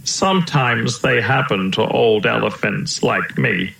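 A man voicing a gentle, creaky old uncle elephant in a storybook, slow and sighing. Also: mid-range voice, slight background noise. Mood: contented, tired. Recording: roomy echo.

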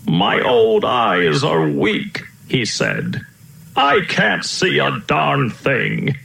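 Old male elephant king, fussy, frightened, high whining voice, played by a man, storybook. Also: huge pitch swings, very slow, gravelly, pushed and bright, exaggerated voice. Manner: high, whiny cries. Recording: roomy echo.

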